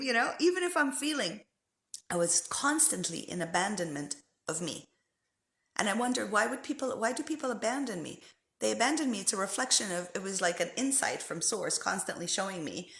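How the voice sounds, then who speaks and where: A woman spiritual coach giving an emphatic, animated pep talk that swings between loud stresses and hushed asides. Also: medium pitch, creaky, reverberant.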